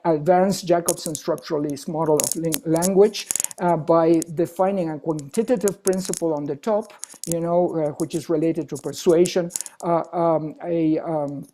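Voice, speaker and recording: Mellow-voiced man lecturing with halting restarts. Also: fairly high pitch, fairly even intonation, a little hiss or hum. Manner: halting, many restarts and "isn't it?" tags. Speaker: guest lecturer. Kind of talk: academic webinar lecture.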